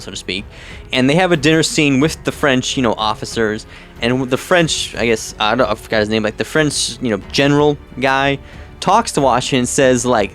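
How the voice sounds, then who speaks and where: A man's voice: medium pitch, brisk, fairly bright tone, faint music behind. A young man casually talking through a movie and what it means to him, rambling with many "like"s, "you know"s and restarts. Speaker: vlogger. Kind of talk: casual movie commentary vlog.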